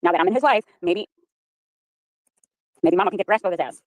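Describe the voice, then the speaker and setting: A woman's voice: lowish voice, brisk, dry recording, narrow, tinny audio. A middle-aged woman in casual chat, talking in a chatty, candid, emphatic way. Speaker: chat participant.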